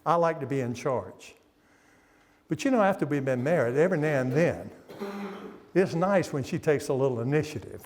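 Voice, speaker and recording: Older man, guest preacher, folksy and storytelling, slightly high voice, big church reverb. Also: lively intonation, normal speed, long pauses, a little mellow. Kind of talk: sermon. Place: church sanctuary.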